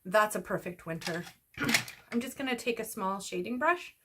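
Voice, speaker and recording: A beauty vlogger chats casually through a get-ready-with-me session, rambling as she does her makeup and sounding slightly out of breath. Her mid-range voice is animated and moves at a moderate pace, with background noise behind her.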